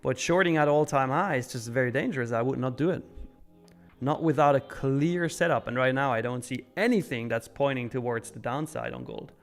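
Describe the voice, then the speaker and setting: A man's voice: medium pitch, very animated, brisk, soft background music. A young Swiss man casually hosting a live trading stream, chatting, reading out chat messages and laughing often. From Switzerland.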